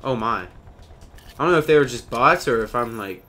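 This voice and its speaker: A man hosting his own gaming channel, giving live gameplay commentary with an excitable manner, loud outbursts and goofy banter. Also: mid-range voice, brisk, a little hiss or hum. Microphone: webcam or desk mic.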